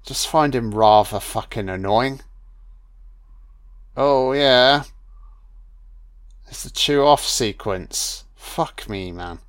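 A man riffing over a movie in loose, profane commentary. His voice is of middling pitch and his delivery is sarcastic and irreverent, with swearing in nearly every line. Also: slow, long pauses, dry recording. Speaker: film commentator.

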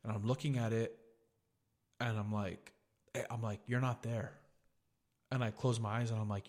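A man's voice: fairly low pitch, level tone, moderate pace, long pauses. A young man hosting a podcast, telling a story in a casual, profane way and saying "dude" a lot. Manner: profane, laid-back, says "dude" a lot. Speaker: podcast host.

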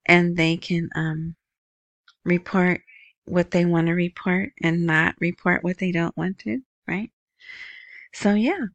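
A woman's voice: lowish voice, dry recording, highs cut off. A woman hosting a casual news commentary, chatty, who often asks "right?". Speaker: video host.

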